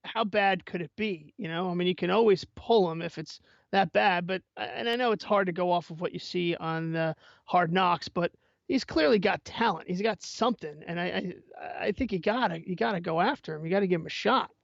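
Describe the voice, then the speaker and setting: A man's voice: high voice, brisk, creaky, no echo, muffled recording. A man co-hosting a fantasy football show in loose, chatty casual sports talk. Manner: loose, chatty, filler-heavy.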